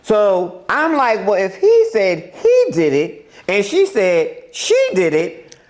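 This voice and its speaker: A woman hosting a podcast tells a story in loose, profane chat, and her pitch leaps and dips all over as she acts out what people said. She laughs through her lines often. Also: wildly swooping pitch, slow pace, darkish tone. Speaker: podcast host.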